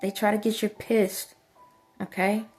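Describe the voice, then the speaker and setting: A woman's voice: medium pitch, level tone, measured pace, a little mellow, faint music behind. A woman vlogger giving an impassioned spiritual monologue, repeatedly soothing and urging an unseen listener.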